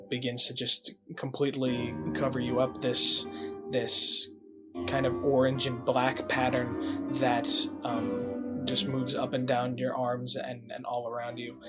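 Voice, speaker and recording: A man narrating as game master of a tabletop game, rambling with many fillers. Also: mid-range voice.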